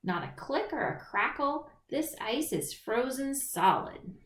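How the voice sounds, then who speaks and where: A woman voicing a practical, bossy female groundhog who talks brisk and grumpy, in a roomy recording. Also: high voice, big pitch swings, slight background noise, pitched above the performer's own voice. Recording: roomy echo.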